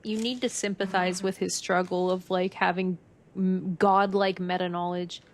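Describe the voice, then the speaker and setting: A woman's voice: fairly low pitch, level tone, moderate pace. A young woman streaming a game, chatting casually and emotionally, laughing and swearing now and then. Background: faint game music.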